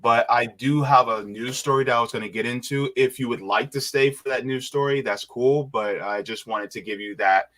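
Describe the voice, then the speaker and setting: A man's voice: mid-range voice, normal speed, few pauses, fairly bright tone. A man hosting an interview, speaking in a courteous, somewhat hesitant way. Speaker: host. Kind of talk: interview conversation.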